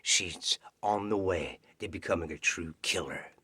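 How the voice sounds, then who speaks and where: Husky man telling a scary story. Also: sits low, unhurried, sharp tone, no room sound. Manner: dramatic, dropping into whispers. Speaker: actor auditioning. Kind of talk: dramatic storytelling. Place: home self-tape.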